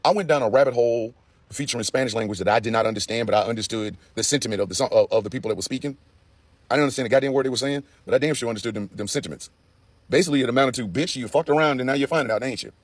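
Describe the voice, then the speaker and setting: A man giving casual, profane commentary in an animated way, with laughing asides. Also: mid-range voice, no room sound.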